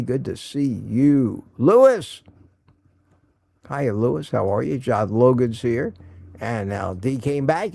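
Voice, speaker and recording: A man's voice: medium pitch, gravelly, a little mellow, no echo. A male live stream host chatting casually, greeting viewers by name and reading their comments aloud in a folksy, affectionate way. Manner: folksy and affectionate, laughs often.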